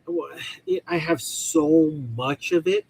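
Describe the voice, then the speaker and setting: A man's voice: very high-pitched, wildly swooping pitch, takes it slowly, vocal fry, darkish tone, a little hiss or hum, low-quality recording. A man guest on a casual video call chat, rambling and repeating himself as he talks. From Filipino community. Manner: rambling, repeats "at the end of the day". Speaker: guest, toy seller.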